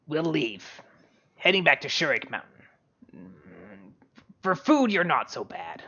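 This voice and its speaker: A man voicing a gruff, suspicious female leader of a frost giant band, blunt and curt. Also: on the high side, sing-song, slow pace, sharp tone, highs cut off, exaggerated voice.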